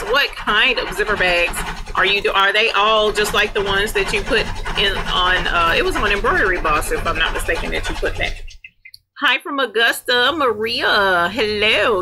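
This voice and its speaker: A woman hosting a casual live chat, greeting viewers by name and laughing often while she works. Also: mid-range voice. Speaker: livestream host. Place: workroom with embroidery machine running. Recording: clear machine hum behind voice. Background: embroidery machine noise.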